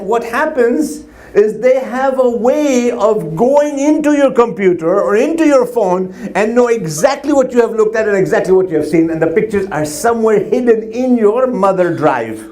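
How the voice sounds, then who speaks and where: A man's voice: high-pitched, darkish tone. A man preaching a sermon to young people, telling stories and addressing the audience directly. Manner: storytelling, repetitive, addresses audience. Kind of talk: sermon to youth.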